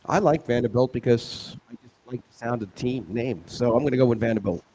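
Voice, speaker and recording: A man's voice: medium pitch, brisk, dark tone, a little hiss or hum. A man co-hosting a casual college football picks show, easygoing and chuckling, sometimes losing his place. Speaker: show co-host reading picks. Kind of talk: casual sports betting chat.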